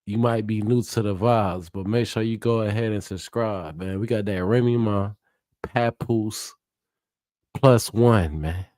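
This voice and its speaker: Low-voiced guy hosting a live reaction stream, hyped and chatty, swears a lot, dry close sound. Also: moderate pace, hardly any pauses, a little mellow, no echo. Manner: hyped and chatty, laughs often, swears freely. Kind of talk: casual live reaction commentary.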